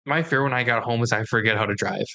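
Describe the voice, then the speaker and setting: A young man with a bright, forceful voice, chatting casually on a podcast. He tells stories with animation and slips into the voices of the people he quotes. His voice sits at an ordinary pitch for a man. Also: fast talker, vocal fry. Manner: animated storyteller acting out quoted dialogue. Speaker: podcast co-host. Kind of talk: casual chat.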